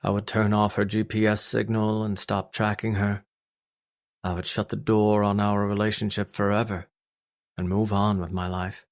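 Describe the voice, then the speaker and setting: A cold, ruthless mafia boss, read by a man speaks in first person with a flat, brooding resignation. The voice sits a little low. It is a steady audiobook narration. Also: normal speed, close to an everyday voice.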